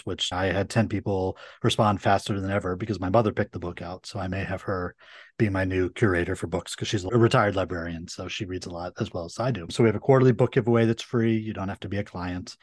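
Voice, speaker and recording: Fast-talking lawyer guest, chatty man. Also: fairly low pitch, a little mellow, dry recording. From Connecticut, USA. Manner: brisk, chatty storyteller. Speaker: attorney, podcast guest. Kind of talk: casual interview chat.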